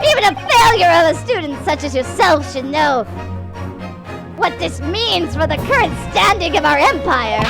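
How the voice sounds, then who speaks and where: A stiff, indignant male official, acted out by a woman. He lectures with high, animated outrage. Game music runs behind. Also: gravelly, exaggerated voice.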